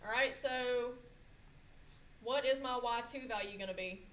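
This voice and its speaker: A woman's voice: a little high, a little slow, fairly bright tone. A woman teaching a classroom math lesson, quizzing students and checking in with "okay?" again and again. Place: echoey classroom. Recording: echoey classroom, faint noise.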